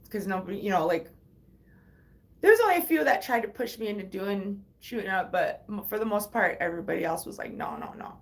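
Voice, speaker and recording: A woman's voice: medium pitch, creaky. A woman livestreaming, telling a personal story in a rambling, frank way with heavy swearing.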